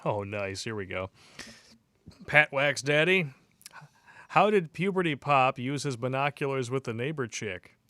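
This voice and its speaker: A bright-toned man hosts a livestream and runs through chat messages and tips with easy banter. His voice is close-miked and dry. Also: mid-range voice, expressive, unhurried, pauses often, no echo. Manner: breezy, laughs easily. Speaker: host reading chat donations.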